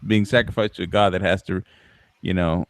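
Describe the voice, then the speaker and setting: A man's voice: sits low, steady tone, a little fast, no room sound. A man cracking crude jokes in a casual chat. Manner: crude joking interjections. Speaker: lobby chat regular.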